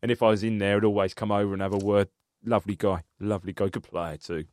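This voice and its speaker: A man's voice: lowish voice, level tone, fast, a little mellow, no echo. A man co-hosting a podcast, rambling through a football anecdote in a loose, chatty way. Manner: rambling anecdotal storyteller, laughs at own story. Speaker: podcast co-host. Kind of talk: casual football chat.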